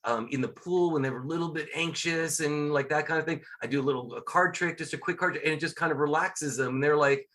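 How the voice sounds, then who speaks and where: Lively middle-aged man telling stories. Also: a little high, fast talker, few pauses. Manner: lively storyteller, acts out quotes. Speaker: guest, scuba instructor and magician. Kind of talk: casual interview chat.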